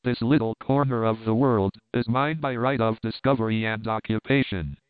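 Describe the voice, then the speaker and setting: Man doing a fierce noblewoman, cold and bossy, lower and slower, smooth but kinda phone-tinny. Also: dry recording, close to an everyday voice. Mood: commanding. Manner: cold, commanding, slow and firm. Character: fierce, proud noblewoman defending her land. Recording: dry, tinny phone-like sound.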